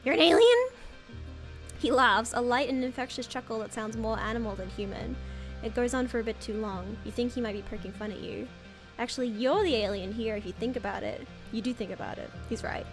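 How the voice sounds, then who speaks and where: Excitable woman streamer reading a game aloud. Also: fairly high pitch, a little fast, over music. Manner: excitable, squeals and laughs, dramatic reactions.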